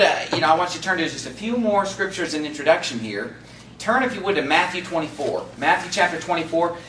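Male pastor, high bright voice, fervent sermon delivery, roomy church sound with faint ambience. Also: slight background noise. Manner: preaching, fervent emphasis, reads scripture slowly. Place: church sanctuary. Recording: echoey church room, mic at a distance.

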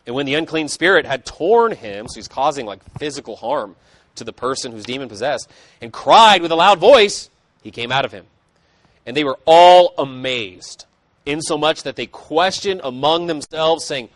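A man's voice: a little high, animated, moderate pace, a bit bright, no echo. A man preaching a sermon, emphatic, with casual conversational asides between scripture readings. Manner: emphatic, conversational asides, rising and falling intensity.

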